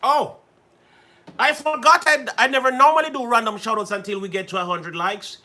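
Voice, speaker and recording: A man's voice: very high voice, steady tone, normal speed, pushed and bright. A man hosting a livestream in playful, casual chat, repeating himself and laughing often. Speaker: livestream host.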